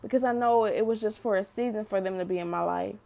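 A woman's voice: mid-range voice, fast talker, gravelly, warm tone. A middle-aged mother sharing an unscripted faith testimony, speaking earnestly to listeners and often repeating and restarting her phrases.

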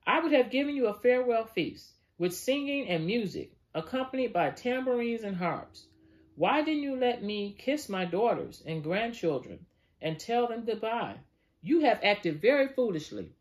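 An angry old father-in-law demands answers, voiced by a Bible teacher reading aloud. The questions rise higher as they come and swing in pitch. The tone stays reproachful. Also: expressive, moderate pace, natural voice. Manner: accusing questions, raised pitch.

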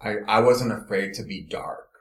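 A man from Los Angeles, a guest in an interview, telling his career story in an animated, meandering way. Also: lowish voice, normal speed, echoey room. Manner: animated storytelling, trailing off and restarting. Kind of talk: casual conversational interview.

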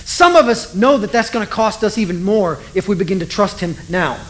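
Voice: mid-range voice, expressive, brisk, a bit bright, low-quality recording. A preacher giving a conversational sermon, retelling a scripture story with humor and poking fun at their own faith. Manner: conversational, self-deprecating, storytelling.

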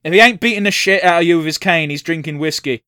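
Casual co-host, high-pitched man, sweary and jokey, dry close sound. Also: sharp tone, clear, resonant tone, dry recording. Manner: sweary, joking, quick to laugh. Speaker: co-host watching a cartoon. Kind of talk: casual reaction chat.

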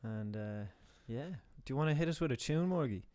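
A young man with a middle-pitched voice co-hosts a podcast in casual chat, teasing and jokey, with plenty of swearing. The recording is dry and close. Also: expressive, brisk, a little mellow, no echo. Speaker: podcast co-host.

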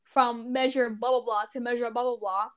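A woman's voice: on the high side, steady tone, normal speed, fairly bright tone. A teenage girl co-hosting a podcast in casual chat. She talks nervously, stutters and fills her speech with "like". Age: teens. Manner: nervous, stutters, filler-heavy. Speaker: podcast co-host.

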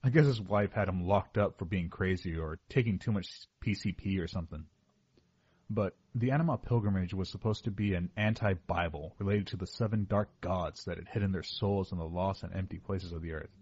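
A man's voice: deep voice, fairly quick, darkish tone, slightly rough, no echo, lo-fi sound. A man narrating a first-person horror story in a wry, casual, self-mocking way.

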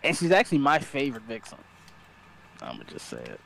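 Podcast co-host, casual and animated, mid pitch. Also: brisk, vocal fry. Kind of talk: casual chat.

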